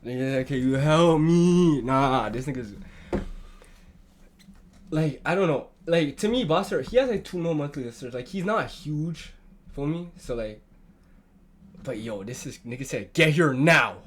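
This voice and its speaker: A man reacting to a video on stream, chatting casually, excitable and swearing a lot. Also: mid-range voice, measured pace, pauses often, slight background noise.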